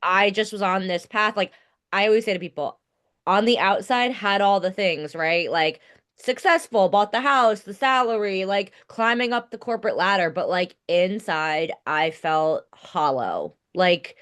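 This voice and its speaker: A woman's voice: mid-range voice, measured pace, fairly bright tone. A woman hosting a podcast, talking casually and reflectively, with many filler likes. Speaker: podcast host.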